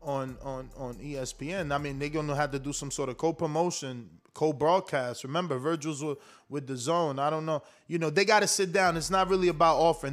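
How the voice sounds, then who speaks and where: A man's voice: fairly high pitch, fairly bright tone. A man hosting a boxing talk show, chatting casually and reading out rankings with stumbles and restarts. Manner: rambling, reads rankings aloud with stumbles. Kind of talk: casual chat.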